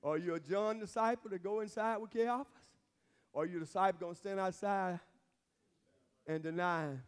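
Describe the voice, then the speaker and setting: A man with a strikingly high voice delivers a sermon as pastor. He drives call-and-response with his congregation and repeats key phrases for emphasis. The sound carries the long reverb of a church sanctuary. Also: normal speed, clear, resonant tone.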